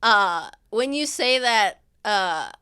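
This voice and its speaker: A woman's voice: mid-range voice, lively intonation, slow, bright, forceful tone, clean tone. A woman narrating a tabletop game as game master in a loose, chatty way.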